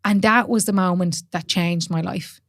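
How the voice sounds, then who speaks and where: A woman's voice: fairly low pitch, fairly even intonation, normal speed, fairly bright tone, dry recording. Candid Irish woman, dry close sound. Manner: candid, swears casually, laughs often. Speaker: podcast host and fitness coach. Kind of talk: casual chat.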